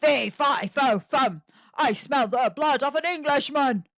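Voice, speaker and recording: A woman voicing a huge, fierce male giant who roars his chant loudly. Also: high voice, unhurried, no echo, dull audio. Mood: roaring. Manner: roaring, loud chant.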